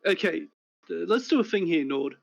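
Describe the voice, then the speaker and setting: A man narrating as game master of a tabletop game, describing scenes in a measured way. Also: on the high side, animated, gravelly, dull audio.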